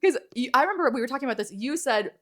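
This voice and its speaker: A young woman co-hosting a romance book club podcast, talking in an animated, exasperated way and laughing through her rants. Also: high voice, very fast. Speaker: podcast co-host. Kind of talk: casual book club chat.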